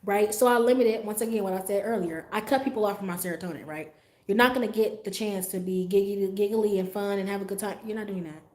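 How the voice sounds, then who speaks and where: Profane, animated woman telling a story. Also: medium pitch, quick pace. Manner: animated, profane, acts out her own reactions; talks straight to her viewers with frequent asides. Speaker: livestream host telling a story. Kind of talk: casual storytime monologue. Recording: roomy echo.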